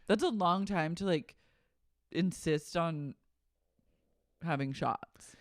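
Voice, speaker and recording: A woman's voice: on the low side, takes it slowly, no echo, clean studio sound. A woman co-hosting a podcast, recapping a reality show in casual chat with wry roasting banter and frequent laughs. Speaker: podcast co-host.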